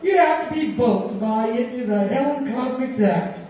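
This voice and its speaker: Woman storyteller, high voice, amused reading, very echoey room, far from mic. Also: animated, moderate pace, dark tone. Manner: amused narration, often breaking into laughter. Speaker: reader. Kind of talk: storytelling narration.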